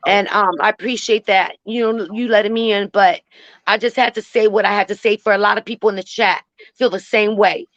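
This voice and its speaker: A woman's voice: mid-range voice, fairly even intonation, a little fast, fairly bright tone, no echo, highs cut off. A woman calling into a live stream, speaking bluntly, cursing and repeating herself. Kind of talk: emotional call-in rant.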